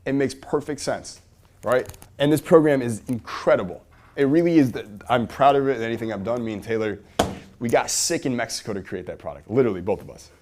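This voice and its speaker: A man giving an energetic seminar talk to a live audience, firing rhetorical questions and swinging between loud emphasis and quiet asides. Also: medium pitch, fairly quick, slight background noise.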